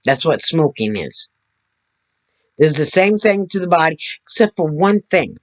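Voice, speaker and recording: A woman talking slowly and earnestly to her camera, demonstrating as she explains, sitting several feet back from her computer mic. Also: sits low, very animated, lo-fi sound. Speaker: vlogger. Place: indoor room at a computer. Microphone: computer mic several feet away.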